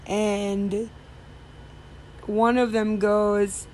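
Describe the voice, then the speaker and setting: A woman's voice: mid-range voice, steady tone, a little slow, darkish tone, slight background noise. A woman hosting a podcast, telling a story in a casual, rambling way with lots of fillers and restarts. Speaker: podcast host.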